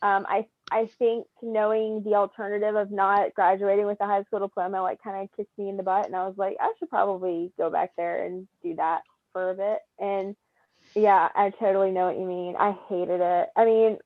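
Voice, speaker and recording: A woman's voice: mid-range voice, level tone, moderate pace, no room sound. Female guest, chatty and bubbly, thin phone-line sound, dry. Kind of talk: casual chat. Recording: tinny phone-like call audio.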